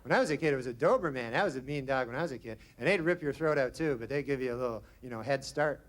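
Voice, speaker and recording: A man doing stand-up comedy in a deadpan, rambling way, full of trailing asides. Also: mid-range voice, rapid-fire. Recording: noisy live stand-up recording.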